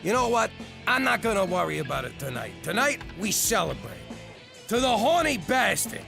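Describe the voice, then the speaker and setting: A man's voice: sits high, big pitch swings, moderate pace, music in the background, full character voice. A man voicing a hot-headed mobster father who spoils his daughter in a cartoon. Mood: gruff. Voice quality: gravelly and gruff. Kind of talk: cartoon voice acting.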